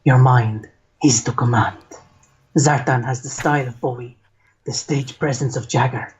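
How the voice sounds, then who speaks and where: A man's voice: medium pitch, fairly even intonation, normal speed, a little mellow, natural voice. A man doing a suave Spanish-accented showman. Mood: hammy. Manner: hammy dramatic reading, breaking into laughs. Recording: dull lo-fi recording.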